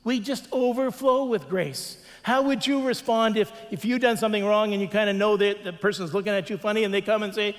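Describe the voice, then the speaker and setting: High-voiced man preaching in a reverberant hall. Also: fairly quick, hardly any pauses. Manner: earnest preaching with repeated refrains and acted-out quotes. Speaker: pastor. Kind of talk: sermon.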